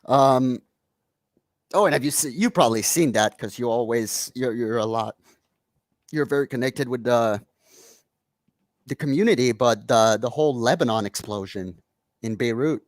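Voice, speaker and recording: A man's voice: medium pitch, moderate pace, pauses often, no room sound. A Canadian man hosting a podcast from home, chatting casually, rambling and laughing often while reading out chat comments. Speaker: podcast host. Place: home room.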